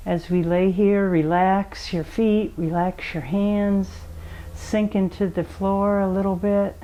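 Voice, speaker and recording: Gentle, mellow-voiced woman leading kids' yoga. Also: medium pitch, fairly even intonation, slow pace, dull audio. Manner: gentle, coaxing, playful instructions to children. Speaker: kids yoga teacher. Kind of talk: guided children's yoga story time.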